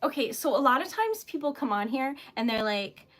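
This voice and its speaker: A woman's voice: high-pitched, animated, brisk, noisy background. A young woman running a casual livestream for her small business, flustered and giggly as she thanks viewers.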